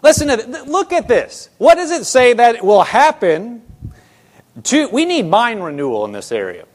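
A man preaching a sermon as a pastor, talking to the congregation in a lively, conversational way with quick restarts. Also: extremely high pitch. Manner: acts out quoted people in his own voice.

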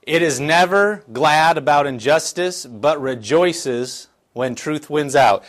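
A man's voice: on the high side, takes it slowly. Man preaching earnestly in church. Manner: earnest, conversational preaching with frequent restarts and scripture reading. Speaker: pastor. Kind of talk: sermon.

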